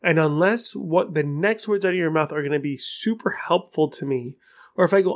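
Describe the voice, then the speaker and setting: A man's voice: on the high side, brisk. A man hosting his own podcast, talking alone in a rambling, frank way and cursing for emphasis. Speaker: podcast host. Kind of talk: casual solo podcast monologue.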